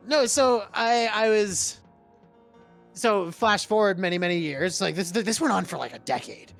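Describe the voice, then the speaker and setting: A man's voice: high voice, unhurried, gravelly, fairly bright tone, soft background music. A man in his late twenties from Massachusetts, chatting casually on a stream and telling stories animatedly, laughing and swearing freely. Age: 20s. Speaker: stream co-host. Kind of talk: casual chat.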